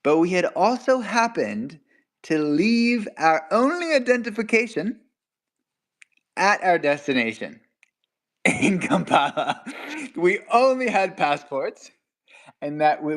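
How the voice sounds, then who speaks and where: A young man telling a story in casual chat, animated, laughing as he goes and acting out quotes with sudden jumps in pitch. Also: unhurried.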